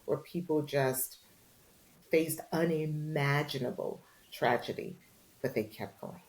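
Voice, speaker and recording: A woman's voice: deep voice, slow pace, rough recording. A middle-aged woman, a journalist and author, telling a story in a candid interview and acting out the voices of the people in it. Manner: animated storyteller, acts out quoted voices.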